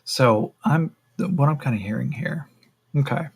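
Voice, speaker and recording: A man running a solo tabletop role-playing game on a stream, relaxed and thinking aloud with a lot of fillers and swearing. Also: mid-range voice, unhurried, gravelly, slightly rough. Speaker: solo game master and player.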